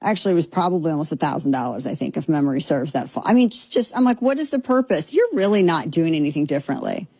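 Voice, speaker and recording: A woman's voice: deep voice, lively intonation, fast talker, hardly any pauses, mellow, husky, no echo. A woman hosting a commentary show, talking in an opinionated, sarcastic way and slipping into mocking impressions.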